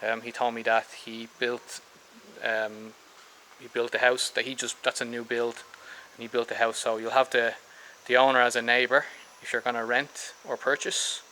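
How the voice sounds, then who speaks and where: A man's voice: medium pitch, little pitch movement, normal speed, bright, forceful tone, slight background noise, rough recording. An Irish man casually showing viewers around a house for sale, rambling a bit with ums and restarts as he walks from room to room. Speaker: vlogger giving a property tour. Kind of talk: casual walking house tour. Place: in and around a house on a tropical island.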